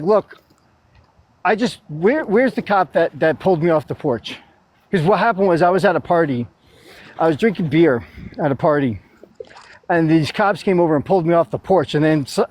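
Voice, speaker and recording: Animated storytelling man. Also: high-pitched, no echo. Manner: animated storyteller, acts out quotes and laughs. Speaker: guest sharing a court story. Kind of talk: casual group chat.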